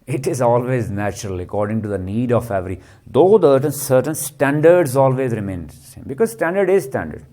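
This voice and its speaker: A man's voice: medium pitch, big pitch swings, fairly quick, few pauses, dark tone. A man giving a literature lecture, constantly asking the class rhetorical questions. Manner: keeps quizzing with rhetorical questions, tags "ji".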